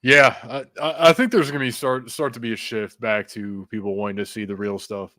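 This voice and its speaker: A man's voice: medium pitch, steady tone, brisk, pushed and bright, dry recording, studio quality. A man who is a podcast guest, chatting casually, agreeing often and adding jokes. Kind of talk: casual chat.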